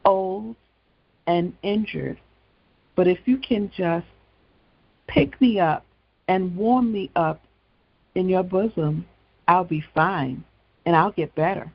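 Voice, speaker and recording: A cold, old, injured snake pleads for help in a higher, whiny voice, as a man puts him on. The voice drags slowly with a gravelly edge and sounds dull and lo-fi. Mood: pleading. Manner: begging, whiny.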